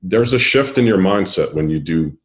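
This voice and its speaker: A man's voice: low-pitched, expressive, normal speed. A man hosting an interview, affirming and reflective in his replies. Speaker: podcast host. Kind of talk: conversational interview.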